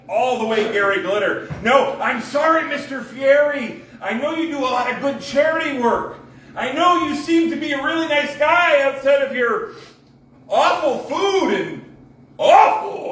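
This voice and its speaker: A man's voice: very high-pitched, a bit bright, a little hiss or hum. A male comedian doing a stand-up set at a coffee shop open mic, with sarcastic, mock-conspiratorial rants. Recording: echoey room, mic at a distance.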